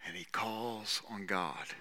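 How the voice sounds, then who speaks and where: A man preaching a sermon with animated storytelling, dropping to hushed asides and rising to shouts, with sarcastic humor. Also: on the low side, slow, long reverb tail. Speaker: pastor.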